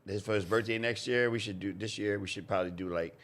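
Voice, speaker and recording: A man's voice: fairly low pitch, fairly even intonation, quick pace, a bit bright. A man from Brooklyn co-hosting a casual podcast in a small studio, rambling and restarting his sentences. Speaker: podcast co-host. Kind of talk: casual banter.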